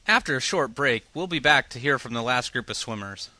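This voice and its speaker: A man hosting a radio show, reading scripted links in an even, measured announcer delivery. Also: medium pitch, very noisy. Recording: music bed under the voice.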